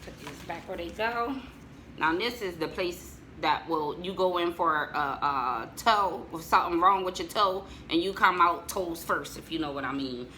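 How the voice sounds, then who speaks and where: A middle-aged woman from the United States talks in a loose, chatty way, throwing in jokes and asides to her viewers. Her voice sits a little low but sounds bright and forceful. A faint room noise hums underneath. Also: normal speed, low-quality recording. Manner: chatty, joking asides to viewers, laughs often. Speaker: vlogger showing family photos. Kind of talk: casual chat to viewers.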